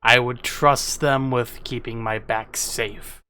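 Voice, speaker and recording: A man's voice: mid-range voice, fairly even intonation, slow, sharp tone, a little hiss or hum. A man playing a tabletop game, giving short, dry replies. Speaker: player. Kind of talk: casual tabletop role-play.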